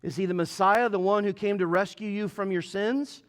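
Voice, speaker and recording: A man's voice: sits high, moderate pace. Man, pastor, sermon, earnest, direct appeals, church sanctuary. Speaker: lead pastor.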